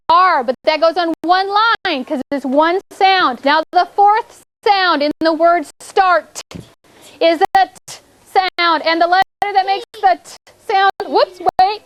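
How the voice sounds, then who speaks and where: A woman's voice: very high voice, a little hiss or hum, poor audio. A woman teaching a classroom, coaxing pupils through call-and-response prompts. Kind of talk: classroom instruction.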